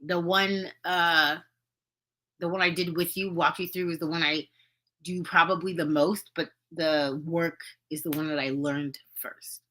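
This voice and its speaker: A woman's voice: low-pitched, steady tone, a little slow, bright, forceful tone, poor audio. A woman podcast host talking casually and earnestly to her viewers, coaching them and repeating points for emphasis. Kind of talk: casual motivational talk to viewers. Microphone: streaming video to viewers.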